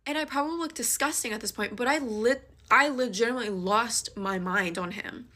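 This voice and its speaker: A young woman telling a personal story in a casual, animated way, racing through some parts and slowing down for emphasis, recorded close on a phone. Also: medium pitch. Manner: animated and dramatic, shifting between fast rushes and slow emphasis.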